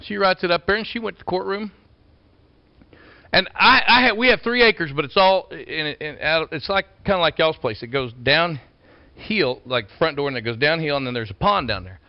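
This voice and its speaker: A man preaching a folksy storytelling sermon, swinging from loud bursts to quiet asides. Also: on the high side, lively intonation, moderate pace, dry recording. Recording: dull lo-fi sound.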